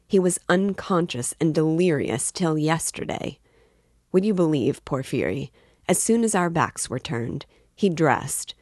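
A woman reading aloud voices a loud, hot-headed young male student, exclaiming excitedly. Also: deep voice, no echo, clean studio sound.

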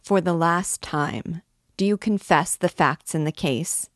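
A woman reading aloud who voices a calm male interrogator with a falsely benevolent manner. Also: fairly low pitch, no room sound, studio quality, natural voice. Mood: cool. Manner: measured, coolly benevolent. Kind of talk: audiobook reading.

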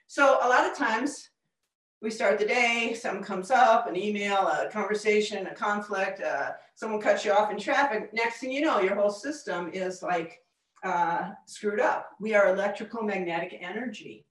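Energetic woman presenting in an echoey room. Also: medium pitch, moderate pace. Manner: energetic, demonstrative, talks with gestures. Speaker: workshop presenter and coach. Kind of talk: live presentation with audience exercises. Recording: echoey room, mic far off.

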